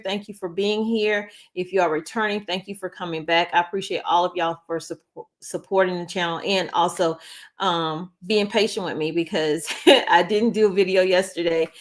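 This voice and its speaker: A middle-aged woman, hosting a casual news vlog and greeting viewers by name. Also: mid-range voice. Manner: chatty, warm-hearted, talks to viewers by name. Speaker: channel host.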